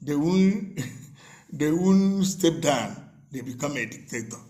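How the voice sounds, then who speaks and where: Male commentator, higher pitch, scornful repetitive rant. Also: lively intonation, slow, dark tone. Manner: mocking, repetitive, laughing, stammers and switches to Igbo. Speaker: political commentator. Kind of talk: ranting commentary.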